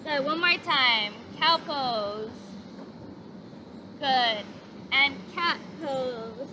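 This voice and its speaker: A young woman with a bright, high voice leads a gentle yoga class outdoors, calmly cueing each breath and stretch with steady encouragement. Traffic and open-air noise sit clearly behind her. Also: drawn-out words. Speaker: yoga instructor. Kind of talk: guided yoga class instruction. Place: outdoors in a park.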